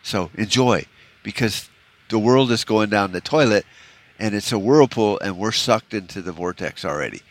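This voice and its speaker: A man's voice: on the low side, moderate pace. A man hosting a solo podcast, delivering a rambling, profane rant in a discouraged, bitter tone, full of "you know" fillers. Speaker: podcast host.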